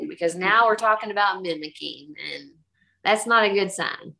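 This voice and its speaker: A middle-aged woman telling a ghost story casually in an animated way, acting out the voices she quotes. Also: medium pitch, a little fast, vocal fry. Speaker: guest telling a haunting story.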